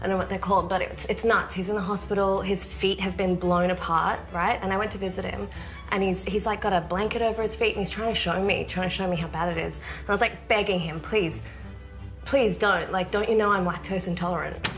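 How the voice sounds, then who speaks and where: A woman telling long jokes to friends in a casual group challenge, an animated storyteller who squeals when she does voices. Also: mid-range voice, fast, faint music behind.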